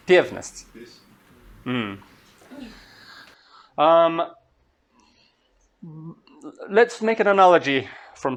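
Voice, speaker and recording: A man from Scotland with a Scottish accent, giving a master class to students in an unhurried, explanatory way with thoughtful pauses. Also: a little high. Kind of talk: lecture to students.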